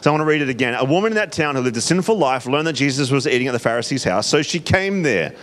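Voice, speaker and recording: A man preaching a sermon, animated and acting out reactions. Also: mid-range voice, rapid-fire. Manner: animated, acts out reactions with laughs. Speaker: pastor.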